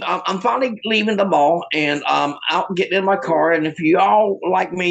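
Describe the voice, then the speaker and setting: A man's voice: high voice, creaky, fairly bright tone, poor audio. A man doing a self-mocking stand-up comedy and magic act over a video call, laughing at his own jokes.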